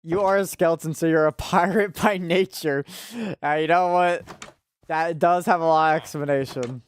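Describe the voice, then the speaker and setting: A man's voice: on the high side, fairly even intonation, moderate pace, slight background noise. A young man giving casual, laid-back commentary while playing a video game, laughing often and tripping over words, recorded on a desk mic. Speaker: gaming channel host. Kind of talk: casual let's-play commentary.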